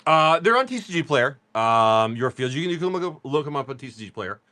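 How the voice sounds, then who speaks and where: A man's voice: fairly high pitch, big pitch swings, fairly quick, pushed and bright, dry recording. A man chatting casually on a live stream, joking with viewers while he reads off cards. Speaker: card-break livestream seller.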